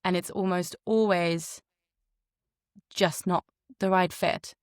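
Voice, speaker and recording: A woman voice actor as a guest in a casual interview, talking quickly and playfully, with lots of fillers and restarts. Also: on the low side, steady tone, smooth, dry recording.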